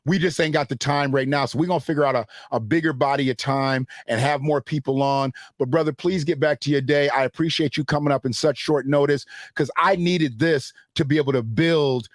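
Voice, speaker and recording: Animated talkative man host. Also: a little high, a little fast, few pauses, no echo, studio quality. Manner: animated, conversational, slangy. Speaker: podcast host. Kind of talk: casual interview talk.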